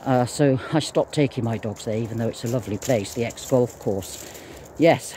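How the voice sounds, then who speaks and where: A man's voice: medium pitch, moderate pace, warm tone, slight background noise. A man in his sixties rambling casually while walking his dog outdoors, drifting between topics and breaking off to talk to the dog. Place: outdoors in fields on a walk.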